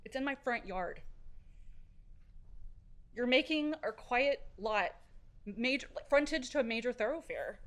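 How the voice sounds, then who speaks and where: A middle-aged woman giving an earnest, halting public comment at a city council meeting, speaking into a podium microphone. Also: fairly high pitch, expressive, a bit bright.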